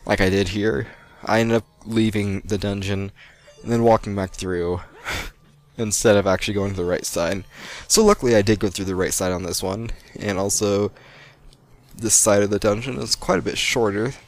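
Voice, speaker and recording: A young American man talks over a game recording in a loose, rambling way, drifting between the action and unrelated tangents. His voice sits a little low, and he laughs often. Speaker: let's play gamer. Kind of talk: post-recorded gameplay commentary.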